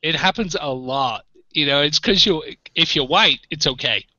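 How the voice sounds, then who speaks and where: A man's voice: a little high, moderate pace, sharp tone, no echo, highs cut off. A man with an English accent, telling a story in casual chat over a video call and laughing through his lines. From England. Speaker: panelist on an online hangout show.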